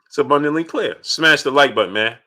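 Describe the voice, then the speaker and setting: A man's voice: mid-range voice, animated, brisk, pushed and bright. A man hosting a live boxing talk stream. He greets chat viewers by name and repeats his points with emphasis. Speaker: boxing channel host.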